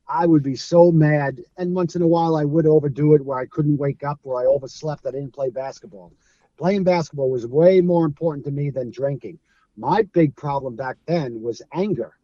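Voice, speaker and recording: In a casual storytelling interview, a middle-aged guest from Brooklyn who used to play streetball talks with a New York accent. He brings the characters in his stories to life, performing their voices and laughing often. His voice is a little high, and the recording has no echo, with the highs cut off.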